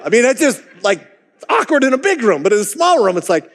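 A pastor delivers a sermon in a loose, chatty way, breaking off for wry asides and little laughs. His voice is fairly high for a man. The room gives it a long, lingering reverb. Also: very animated, fast talker. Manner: conversational, with chuckling asides.

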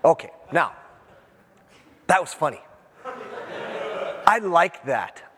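A man preaching a sermon in a lively, animated way, acting out quotes and breaking into asides. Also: on the high side, slow, noisy background. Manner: animated, acts out quotes, self-interrupting asides. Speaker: pastor. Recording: long reverb of a large hall.

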